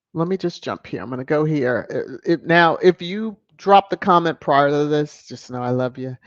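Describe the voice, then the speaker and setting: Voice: medium pitch, expressive, unhurried, no echo. Sassy royal-news vlogger. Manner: sassy, mocking, chuckles often. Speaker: royal news commentator on a video channel. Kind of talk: casual commentary reading headlines and viewer comments. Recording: dull lo-fi, dry close mic.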